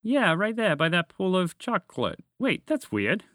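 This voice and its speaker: An excitable girl frog from a storybook, chattery and quick to startle, as a man puts her on. Her voice sits high and bright, and it comes across close and dry with no room sound. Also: no echo. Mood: alarmed.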